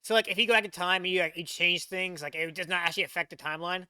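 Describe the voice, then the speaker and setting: A man's voice: high voice, racing, pushed and bright, smooth, dry recording. Rambling young male reaction streamer. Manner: rambling, laughing, filler-heavy. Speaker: VTuber reaction host. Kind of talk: casual reaction commentary.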